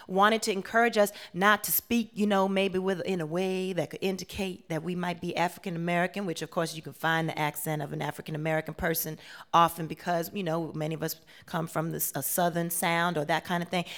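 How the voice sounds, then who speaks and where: A woman from Washington, D.C., a performer being interviewed on the radio, who talks in an animated, chatty way. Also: on the low side. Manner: animated, talkative, with frequent "you know" fillers. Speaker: performer and guest.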